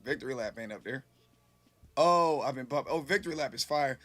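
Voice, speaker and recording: A man's voice: medium pitch, brisk, a bit bright, faint music behind. A man casually chatting with his live-stream viewers, rambling loosely and swearing freely, a little tipsy.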